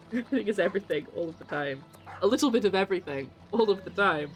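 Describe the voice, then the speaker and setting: Speaking briskly and with animation at a medium pitch, a woman plays a game on stream over soft background music. She keeps up a chatty, giggly, self-mocking stream of casual talk.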